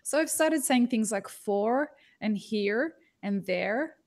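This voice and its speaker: A woman with an Australian accent hosting a podcast interview, chatty and quick to joke. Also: fairly high pitch, animated, darkish tone. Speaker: podcast host. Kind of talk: casual interview chat.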